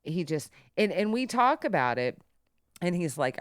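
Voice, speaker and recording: A woman with a fairly low voice telling stories on a podcast. Her pitch swings widely, and it leaps up whenever she acts out what someone else said. The recording is dry and close. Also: moderate pace, no room sound. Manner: animated, jumps high when quoting others. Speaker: podcast co-host. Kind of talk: casual storytelling chat.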